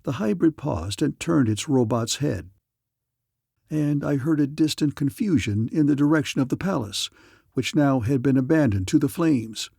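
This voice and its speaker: A man reading a science fiction audiobook as narrator, in a dramatic, measured storytelling manner. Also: mid-range voice, animated, vocal fry, mellow, husky, dry recording, studio quality.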